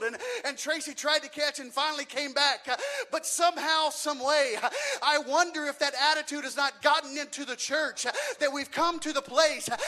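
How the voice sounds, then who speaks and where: A man from Louisiana preaching a sermon in church, telling stories and acting out voices, building to shouts. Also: very high voice.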